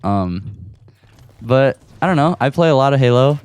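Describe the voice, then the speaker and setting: A man's voice: medium pitch, animated, moderate pace, darkish tone, smooth, no echo. A man hosting his own podcast, chatting casually and laughing at himself, a bit out of breath, recorded in his room at home. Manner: chatty and self-deprecating, laughing often. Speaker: podcast host. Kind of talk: casual solo podcast while gaming.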